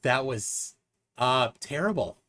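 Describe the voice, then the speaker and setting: A man's voice: mid-range voice, expressive, slow, fairly bright tone. A man hosting a casual livestream chat, teasing his guests and laughing often. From United States. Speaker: livestream host.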